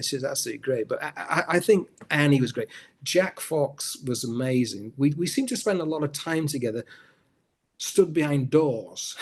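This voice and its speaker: A middle-aged man in a conversational interview, telling anecdotes at a mid-range pitch. He rambles as he goes and often restarts his sentences. He sounds like an actor recalling time on set. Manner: rambling storyteller, many restarts. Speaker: actor guest.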